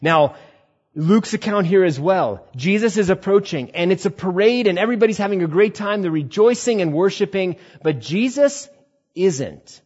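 A man preaching a sermon, swinging between loud emphatic passages and quiet, low reflection. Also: expressive, moderate pace, husky, highs cut off. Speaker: pastor.

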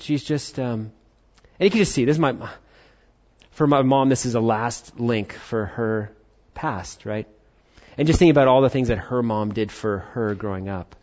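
A man preaching a sermon as pastor, earnest and animated, rising to emphasis on key points. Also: medium pitch. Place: church service. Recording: muffled lo-fi sound.

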